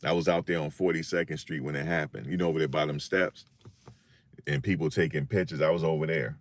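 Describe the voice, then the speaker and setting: An older man telling funny stories in a casual, animated monologue, often repeating himself. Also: rumbling low, fast, no room sound. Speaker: vlogger.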